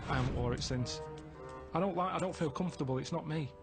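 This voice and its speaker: A man telling everyday anecdotes in a deadpan, matter-of-fact way as a comedy podcast co-host. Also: fairly high pitch, fast talker, over music. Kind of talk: casual comedy chat.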